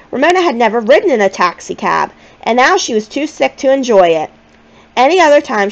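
A woman reading a children's novel aloud in a gentle, expressive storytelling manner. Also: a little high, dull audio. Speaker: audiobook reader.

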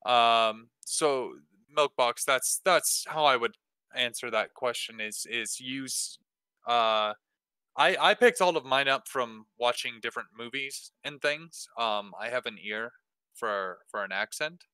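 A man of medium pitch speaks slowly in a bright, forceful, clear and resonant voice with no echo. He's a dungeon master hosting a tabletop game workshop, casually fielding questions with many hesitations and restarts.

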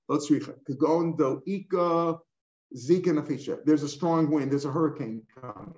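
An older male Talmud teacher explains the text line by line, firing off rhetorical questions and slipping into Hebrew and Aramaic terms. His voice sits a little high for a man. The recording is roomy and dull, like a lo-fi class recording. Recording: echoey room, dull lo-fi sound.

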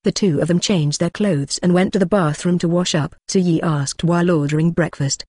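A synthetic voice narrating an audiobook in a flat, even machine reading. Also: medium pitch, a little fast, few pauses, no room sound, studio quality.

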